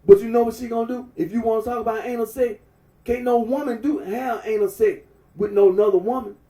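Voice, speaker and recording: A man's voice: very high-pitched, fairly even intonation, brisk, dark tone. Male vlogger, emphatic rant with lots of repetition, recorded far off in a roomy, echoing space. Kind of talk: ranting monologue. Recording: echoey room, far from mic.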